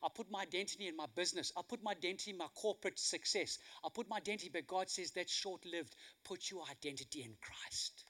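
A man preaching a sermon, telling stories in an animated way and swinging from hushed to loud. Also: sits high, fast, hardly any pauses.

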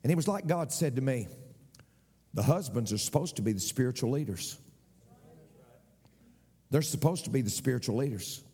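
A man's voice: mid-range voice, expressive, moderate pace, long pauses, warm tone, husky, long reverb tail. A man preaching a sermon as pastor, repeating phrases and asking the congregation for an amen.

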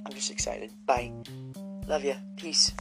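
Casting note: man of middle pitch, rambling and jumpy vlog monologue, folksy address, clear music behind him. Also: a little slow. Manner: scattered, jumpy, restarts often, folksy "y'all". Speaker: vlogger. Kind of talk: rambling casual monologue to viewers.

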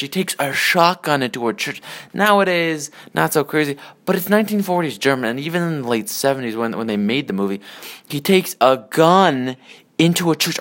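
An adult man in a casual, rambling rant about old movies, swearing often and getting worked up. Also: fairly high pitch. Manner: profane, rambling, excitable.

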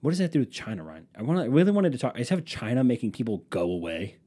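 A man's voice: mid-range voice, big pitch swings, rapid-fire, mellow, husky. A young man hosting a solo podcast, rambling casually with lots of swearing and self-mockery. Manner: rambling, profane, self-mocking. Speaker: podcast host.

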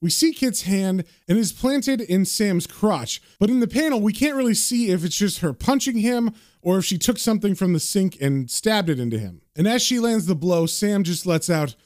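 A man casually reads a comic book aloud in a slightly high, very expressive voice that moves around a lot and sounds a little mellow. He talks at normal speed with few pauses, and the sound is close and dry with no room echo.

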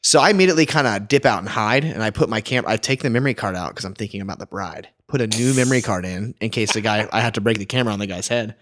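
A man's voice: fairly low pitch, rapid-fire, few pauses. A man co-hosting a casual podcast, a wedding photographer telling stories animatedly and peppering his talk with "like". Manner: animated storytelling, frequent "like".

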